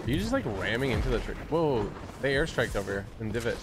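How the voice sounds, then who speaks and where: A man's voice: medium pitch, animated, fast talker, noisy background. A man casually chatting and joking while streaming a game, sometimes reading out viewer messages. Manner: playful, chatty, reads out chat. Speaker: gaming streamer. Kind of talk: casual gaming chat.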